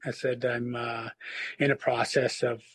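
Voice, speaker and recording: A man in recovery telling his personal story in a halting, reflective way, with many fillers and restarts. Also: medium pitch, flat delivery, breathy edge, rough recording. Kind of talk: personal testimony.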